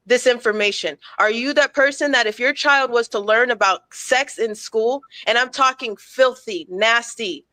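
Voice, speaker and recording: A woman's voice: a little high, bright, forceful tone, dry recording, poor audio. A woman in a played clip speaking earnestly and lecturing the listener.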